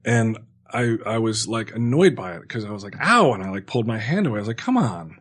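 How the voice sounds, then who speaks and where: A man's voice: on the low side, fast, darkish tone. Rambling, laid-back man telling a story. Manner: rambling storytelling, many filler likes, swears freely. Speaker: podcast host telling a story. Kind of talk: casual chat.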